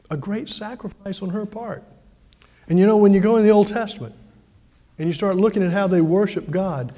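A man's voice: sits high, warm tone, in a large hall. A man preaching a sermon as pastor, talking conversationally with frequent fillers and restarts.

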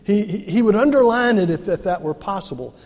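A man's voice: high voice, lively intonation, a little fast, darkish tone, in a large hall. A male pastor preaching a sermon, reading scripture and then explaining it with emphatic delivery. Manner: emphatic preaching, acts out quoted voices.

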